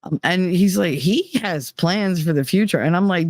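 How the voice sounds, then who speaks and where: A woman's voice: fairly low pitch, moderate pace, a little mellow, no echo, clean studio sound. A woman hosting a podcast, telling a personal story in a frank, profane way and acting out the voices of the people she quotes. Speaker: podcast host.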